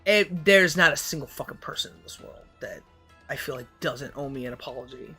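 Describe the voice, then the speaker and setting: A woman's voice: rumbling low, animated, a little fast, pushed and bright, husky, soft background music. A young woman hosting a livestream, rambling about philosophy in casual chat and swearing freely. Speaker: livestream host.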